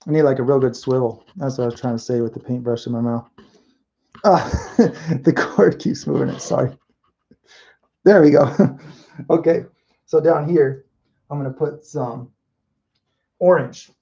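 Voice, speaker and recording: Man, casual painting commentary, thinking aloud, dark warm tone, dull recording. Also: medium pitch, normal speed, gravelly, pauses often. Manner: relaxed, thinking aloud, self-correcting. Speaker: mural painter.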